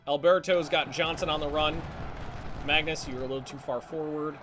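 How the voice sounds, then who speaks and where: A man giving live commentary on a strategy game, talking in halting restarts with casual swearing and barking quick orders to his units. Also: a little high, steady tone, over music. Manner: barks quick orders to units, voice jumps up when alarmed. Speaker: streamer.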